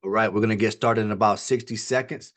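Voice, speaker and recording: A man presenting a live online webinar, pitching an opportunity in fast, hype-driven salesman patter, often calling out to the audience. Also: fairly even intonation. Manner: repeats "ladies and gentlemen" and "all right".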